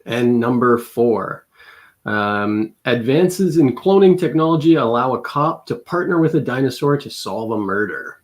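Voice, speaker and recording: A man's voice: mid-range voice, expressive, normal speed, few pauses. A man on a video call reading out game entries with mock-dramatic emphasis. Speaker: game show reader. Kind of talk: casual streamed chat, reading entries aloud.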